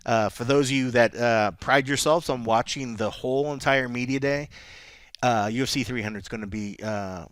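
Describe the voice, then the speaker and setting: A podcast co-host chats casually, rambling, restarting often and saying "like" a lot. His medium-pitched voice is clear, resonant and fairly bright at normal speed, and the recording is dry with clean studio sound.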